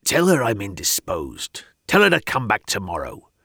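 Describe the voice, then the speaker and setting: Male narrator doing a pompous Victorian investigator, blustering and peevish, lively swings in pitch. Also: normal speed, creaky, husky, no room sound, clean studio sound, heavily acted. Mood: sulky. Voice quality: bellowing, peevish. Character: irritable portly Victorian private investigator, pompous.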